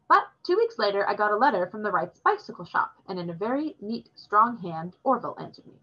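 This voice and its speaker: A woman reading a novel chapter aloud in a steady, plain storytelling voice. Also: medium pitch, a little fast, hardly any pauses, breathy edge, lo-fi sound. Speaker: reader.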